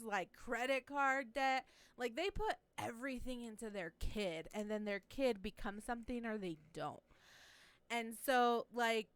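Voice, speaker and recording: A woman's voice: a little high, clean tone, dry recording. A young adult woman co-hosting a casual chat, telling stories with lots of laughter and swearing. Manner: animated, laughing, swearing storyteller. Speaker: podcast co-host. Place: room with co-hosts watching TV.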